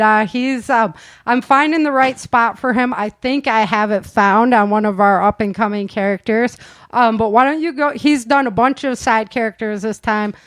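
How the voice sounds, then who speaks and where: A woman's voice: on the high side, dry recording. A woman hosting a casual interview, chatty and enthusiastic and laughing often. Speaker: host of audio drama show.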